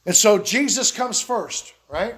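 A man's voice: high voice, lively intonation, slow pace, a bit bright. A man preaching a sermon. He tells folksy stories with laughs and asides. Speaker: pastor.

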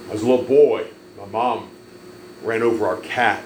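A man preaching a sermon, telling stories emphatically and swelling loud on key lines. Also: lowish voice, fairly even intonation, moderate pace, a little hiss or hum, poor audio. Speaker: pastor.

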